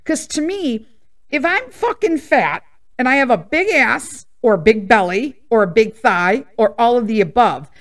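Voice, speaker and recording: A middle-aged woman hosts a casual podcast, telling a story from her own life. She talks bluntly and swears freely. Her voice sits a little high and swings widely as she acts out what everyone said. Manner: profane, blunt, animated ranting with acted-out quotes. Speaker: podcast host.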